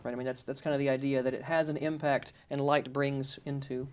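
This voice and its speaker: A man's voice: mid-range voice, flat delivery, fairly quick, clear, resonant tone. A man in casual conversation, explaining his family's customs with frequent ums and restarts. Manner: hesitant, many ums and restarts.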